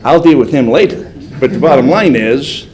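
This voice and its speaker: In a medium-pitched voice at a moderate pace, an older federal agent narrates a story to a group of police recruits, lively and impersonating the voices he quotes. Faint background noise sits under a roomy, hall-like sound.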